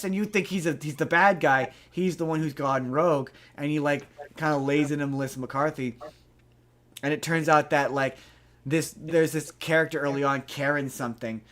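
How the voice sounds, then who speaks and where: A man hosting a podcast in a casual chat, rambling and animated, with frequent restarts and freely dropped swear words. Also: fairly high pitch. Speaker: podcast host.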